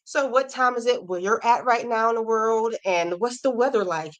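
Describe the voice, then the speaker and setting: A woman's voice: a little high, moderate pace. An American woman in her forties, hosting a casual livestream from home and chatting freely, often going off on tangents. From United States. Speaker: livestream host. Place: home with a Christmas tree.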